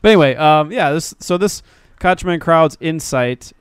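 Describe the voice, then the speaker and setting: A man's voice: fairly high pitch, expressive, moderate pace, clear, resonant tone, no room sound, studio quality. A man co-hosting an anime podcast, chatting casually, rambling and joking with frequent laughs. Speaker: podcast co-host. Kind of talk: casual review chat.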